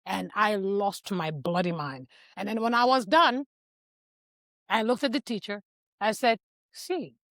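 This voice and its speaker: A woman telling a personal story on a podcast, animated and emotional, acting out the scenes she describes. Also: medium pitch, measured pace, pauses often, no room sound. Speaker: podcast guest. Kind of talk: casual podcast chat.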